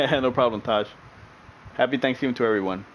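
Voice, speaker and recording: A man hosting a sim racing livestream, chatting loosely with his viewers and breaking into laughter often. His voice sits at an ordinary middle pitch, and he circles back and repeats phrases as he talks, over a faint hum of room ambience. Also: moderate pace, a bit bright, low-quality recording. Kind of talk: casual stream chat with viewers.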